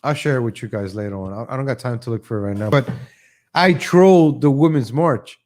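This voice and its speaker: A man's voice: mid-range voice, fairly quick, darkish tone. Opinionated man ranting on a live show. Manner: opinionated, sarcastic, jumps between topics; mocks others in exaggerated voices. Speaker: host of a live online show. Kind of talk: casual ranting live-stream talk.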